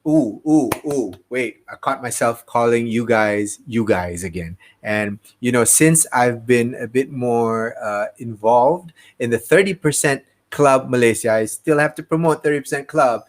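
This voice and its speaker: A man hosting a show, talking in a relaxed, chatty way and correcting himself as he goes. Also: mid-range voice, unhurried, hardly any pauses. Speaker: host. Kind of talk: casual chat.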